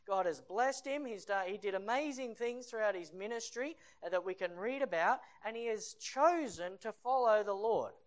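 A man preaching a sermon to his congregation, talking conversationally, rising loud for emphasis and dropping quiet and reflective. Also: sits high, animated, moderate pace, few pauses. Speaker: pastor.

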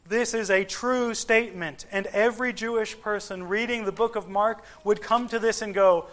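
A man preaching a sermon, measured and emphatic, with frequent pauses for weight. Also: high-pitched, fairly even intonation, pushed and bright.

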